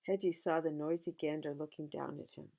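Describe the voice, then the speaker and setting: A woman's voice: sits low, steady tone, fairly quick, creaky, dark tone. A woman reading a picture book aloud to a child, chatting about the pictures as she goes.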